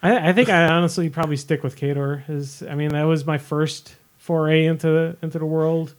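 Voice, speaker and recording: A man's voice: fairly high pitch, steady tone, brisk. A man hosting a podcast in casual chat, rambling and self-deprecating, with casual swearing. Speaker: podcast host.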